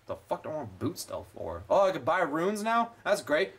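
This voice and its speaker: Young guy ranting while he games, swears nonstop, sarcastic, high animated voice. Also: moderate pace, breathy edge. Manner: profane, sarcastic, rambling. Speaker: gameplay commentator. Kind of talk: let's play commentary.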